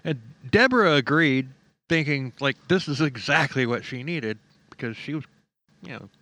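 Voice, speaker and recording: A man's voice: medium pitch, lively intonation, moderate pace, bright, forceful tone, no room sound. A man co-hosting a true-crime podcast, telling the story casually with jokes and sarcastic asides and laughing often. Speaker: podcast co-host.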